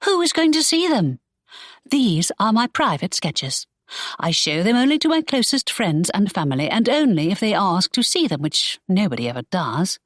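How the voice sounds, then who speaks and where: A woman's voice: medium pitch, very animated, moderate pace, no room sound, studio quality. A woman reading an audiobook, voicing a spirited young woman who protests in exasperation. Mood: indignant. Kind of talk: audiobook character voice.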